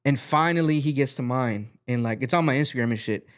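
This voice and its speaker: A man's voice: medium pitch, fast, clean tone. A man, a podcast guest and music artist, telling a rambling story in a casual chat, full of fillers and swearing, acting out the lines he quotes.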